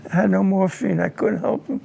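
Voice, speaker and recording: Older male veteran interviewee; raspy, fry-heavy voice sitting high; slow, halting, repeats words as he recounts the past. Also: mellow, slight background noise. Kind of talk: recounting a personal war memory in an interview.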